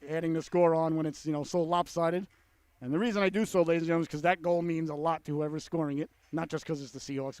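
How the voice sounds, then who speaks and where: A man calling a youth hockey game play by play, folksy and joking with the listeners, bursting into excited shouts on big chances. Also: on the high side, smooth, no room sound. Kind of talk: sports commentary.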